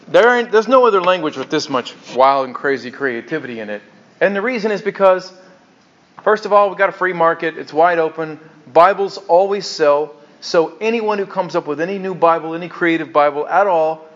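A man's voice: a little high, fairly bright tone. A man preaching in a casual, conversational teaching style, chatty with hesitations. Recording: dull lo-fi recording.

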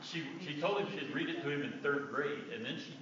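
Man, congregation member, chiming in, far from mic, very echoey, loud room noise. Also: on the high side, brisk, lo-fi sound. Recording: distant, echoey, noisy room pickup.

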